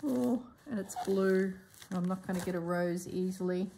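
A woman hosting a sewing vlog who thinks aloud as she works, musing to herself in a soft, half-whispered voice. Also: fairly low pitch, moderate pace, slight background noise. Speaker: sewing channel host.

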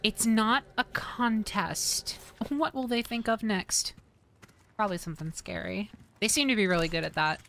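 A woman streamer giving loud, excitable game commentary, often shrieking and swearing. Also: medium pitch, normal speed, vocal fry, slight background noise. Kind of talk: gaming commentary.

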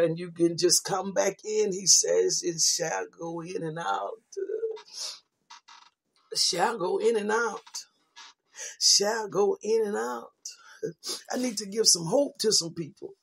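Husky-voiced woman preaching with emphatic repetition. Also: mid-range voice, animated, slow pace, pauses often. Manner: emphatic and repetitive, calls listeners sweetheart and baby. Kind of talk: informal sermon.

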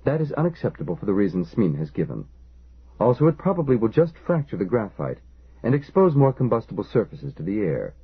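Male reader as a crisp technical official, husky, very animated pitch. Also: a little fast, heavily acted. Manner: crisp, precise. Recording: lo-fi phone-like audio.

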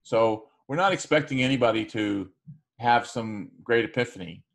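A man's voice: mid-range voice, moderate pace, creaky. A man giving a recorded class lecture, speaking loosely with frequent fillers and restarts. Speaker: teacher.

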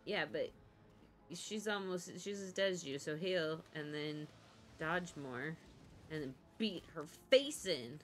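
A woman's voice: low voice, takes it slowly, soft background music. A woman co-streaming, giggling and coaching the player through a fight. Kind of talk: casual gameplay chat.

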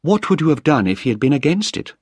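A man's voice: very animated, fast, husky, no room sound, clean studio sound. A man voicing a young woman in a read-aloud story. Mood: reproachful. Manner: raised, lighter pitch for her lines. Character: young woman, a scientist and the narrator's sweetheart. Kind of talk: graded reader audiobook.

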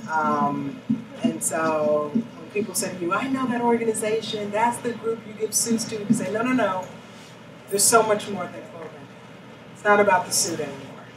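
A woman, a chief executive, answering questions in a live panel interview with animated storytelling. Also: medium pitch, normal speed. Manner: animated storytelling, acts out quoted voices. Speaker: CEO interviewed on stage. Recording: echoey room, distant mic, noisy.

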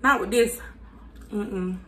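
A woman reviewing fast food on her channel. She chats casually with viewers, talks with her mouth full and hums between bites because the food is burning her mouth. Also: mid-range voice, pushed and bright, slight background noise. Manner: chatty, addresses viewers as y'all, hums while eating.

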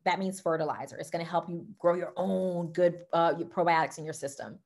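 A Southern-accented woman from Louisiana who gives an excitable, chatty talk about wellness products, peppering it with y'all and okay. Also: on the low side, fairly quick. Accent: Southern American. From Louisiana, United States. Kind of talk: casual product talk to camera.

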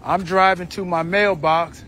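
Indignant high-voiced man filming outdoors. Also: steady tone, unhurried, sharp tone, a little hiss or hum. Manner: indignant, incredulous, repeats himself. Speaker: person filming a street dispute. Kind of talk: heated street confrontation and vlog commentary. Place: outdoors on a residential street. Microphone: handheld phone camera.

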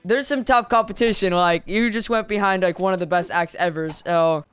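A man's voice: high-pitched, normal speed, a bit bright, clear, resonant tone, dry recording, faint music behind. A young man hosting and judging a talent show in a gaming video, gushing with repeated exclamations and lots of "like". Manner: enthusiastic, repeats exclamations, filler "like". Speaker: host and judge of a talent show. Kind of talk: excited gaming video commentary.

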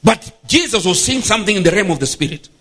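A bishop preaching a sermon, emphatic and exclamatory, punctuating points with praise shouts. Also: male voice, high voice, animated, fast, breathy edge. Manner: emphatic, exclamatory, frequent hallelujahs.

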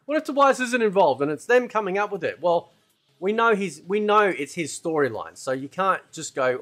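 A man's voice: sits high, animated, moderate pace, fairly bright tone, soft background music. A man giving casual, rambling opinion commentary as a gaming channel host, often tagging "right?" and "man" onto his sentences.

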